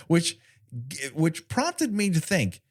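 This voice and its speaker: A man's voice: high voice, very animated, drawn-out words. A man cohosting a podcast, making wry jokes and laughing often. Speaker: podcast co-host. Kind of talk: casual podcast chat.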